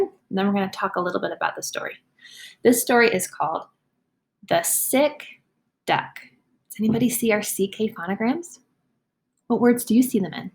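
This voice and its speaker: A woman teacher, leading a demonstration reading lesson for young students, encouraging and clearly sounding out words. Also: mid-range voice.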